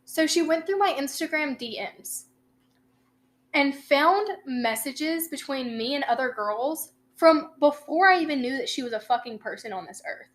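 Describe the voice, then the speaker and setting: High-pitched young woman, animated and profane. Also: moderate pace. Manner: animated, profane, acts out quoted lines. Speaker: podcast co-host. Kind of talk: casual storytelling chat.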